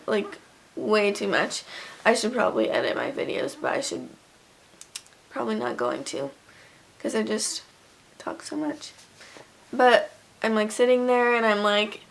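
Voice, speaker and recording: A teenage girl with a fairly high voice rambles through a casual storytime vlog. She fills nearly every phrase with "like" and swears without a second thought. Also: creaky, fairly bright tone. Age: teens. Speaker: vlogger.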